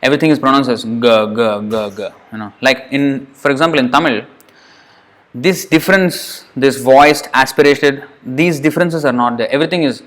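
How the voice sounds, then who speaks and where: A man's voice: medium pitch, a bit bright. Man, Sanskrit teacher, recorded lesson, demonstrates syllables aloud, patient repetition.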